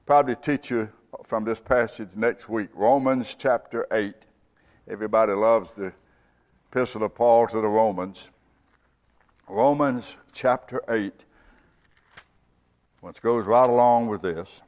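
Male preacher, measured unhurried sermon delivery with emphatic swells; mid-range voice. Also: medium pitch. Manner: slow, emphatic preaching that rises and swells on key words. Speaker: pastor.

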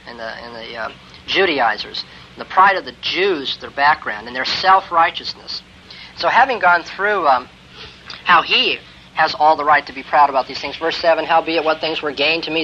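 A man giving a classroom lecture on Christian ethics, emphatic and building to forceful exclamations. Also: a little high. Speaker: theology lecturer. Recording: dull lo-fi lecture tape with faint hiss.

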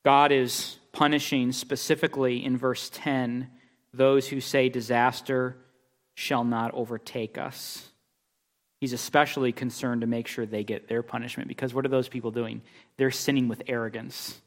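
A man's voice: mid-range voice, level tone, moderate pace. A man preaching an expository sermon, emphatic, with rhetorical questions and repeated phrases. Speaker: pastor. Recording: long reverb of a large hall.

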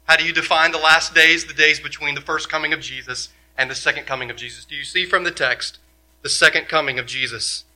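A male pastor preaching a sermon, emphatic, asking many rhetorical questions and swinging from loud to quiet. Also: on the high side, fairly even intonation, a little fast.

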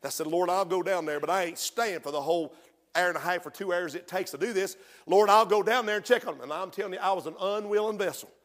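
High bright preacher, booming hall. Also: male voice, fast talker. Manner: storytelling, shifts from hushed recounting to shouted preaching. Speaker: pastor. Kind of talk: sermon. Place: church sanctuary. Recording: long reverb of a large hall.

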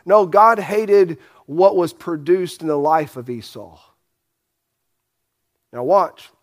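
A man's voice: fairly high pitch, slow. A man preaching a Bible sermon, emphatic, asking rhetorical questions and restarting phrases as he goes. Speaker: pastor.

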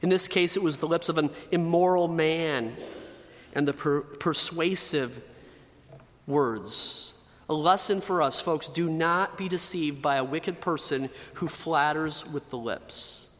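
Male pastor, slightly high voice, emphatic repeated-phrase delivery, sanctuary reverb. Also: measured pace. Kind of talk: sermon.

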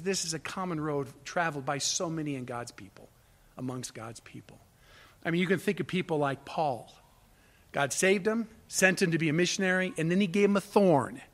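Male pastor preaching, high bright voice, impassioned, loud pleading peaks. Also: moderate pace. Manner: impassioned, rising to near shouts on quoted cries. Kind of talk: sermon.

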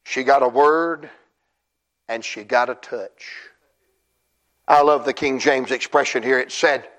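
Slow and pausing often, a middle-aged preacher with a mid-range voice delivers a revival sermon at a church conference. He shouts and cries out in escalating bursts, lightening things with folksy humor at his own expense.

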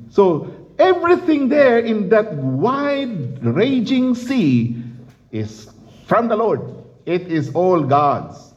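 A man's voice: high voice, wildly swooping pitch, takes it slowly, darkish tone, muffled recording. A man preaching a sermon and reading scripture, emphatic and repetitive, often laughing.

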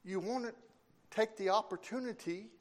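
A man preaching a sermon, slow and emphatic, with dramatic pauses between phrases. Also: high-pitched.

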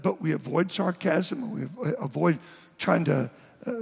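A pastor preaches in a gravelly, husky voice that sits high for a man. He reads scripture aloud and often stops and restarts his sentences. The long reverb of a church hall trails after each phrase. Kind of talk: sermon.

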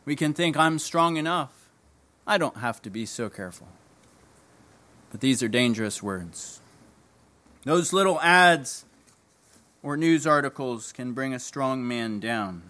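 A man preaching a sermon, emphatic, repeating key phrases and dropping low at the ends of lines. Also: animated, measured pace, pauses often, sharp tone.

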